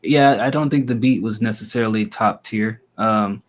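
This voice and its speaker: Blunt low-voiced man reviewing songs. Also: normal speed. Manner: blunt, crude teasing critique. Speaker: host reviewing listener songs. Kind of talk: casual review chat.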